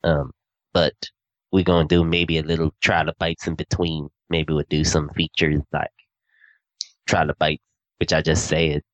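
A man's voice: a bass voice, level tone, a little slow, dry recording, lo-fi sound. A man hosting a casual podcast, joking and rambling, swearing now and then. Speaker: podcast host.

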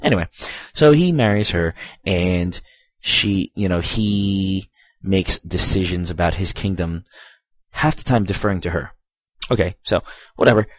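A man's voice: sits low, unhurried, no room sound. A man giving a casual, rambling video game review, full of fillers, asides and profanity.

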